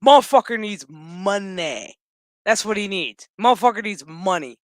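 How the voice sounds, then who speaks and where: A woman in her thirties rants her way through a TV episode recap, swearing constantly and animatedly. Her voice is forceful and the sound is close and dry. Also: mid-range voice, clean tone, no echo. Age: 30s. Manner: ranting, heavy swearing, animated. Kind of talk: casual profane episode recap.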